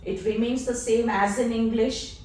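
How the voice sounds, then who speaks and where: A woman language teacher patiently explaining letters and sounds in a slow, deliberate lesson. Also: a little high, steady tone, a little mellow, distant mic, faint music behind. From India. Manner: patient, spells out letters one at a time. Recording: echoey room, voice off-mic.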